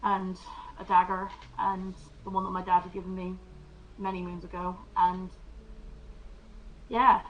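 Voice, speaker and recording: A woman playing a tabletop role-playing game, speaking in character with hesitant pauses and fillers. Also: fairly low pitch, flat delivery, muffled recording, slight background noise.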